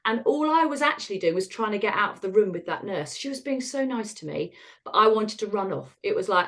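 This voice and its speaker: A woman's voice: medium pitch, lively intonation, brisk, a bit bright. Give me a frank middle-aged British woman recounting her story with wry humor in an interview. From United Kingdom. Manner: frank, wry, acts out dialogue in quotes. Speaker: guest, retired osteopath.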